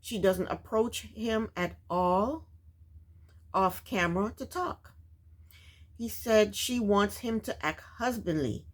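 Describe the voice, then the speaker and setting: A woman hosting a casual reality TV recap, chatty and opinionated, often questioning the cast out loud. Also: medium pitch, slow. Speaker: recap host.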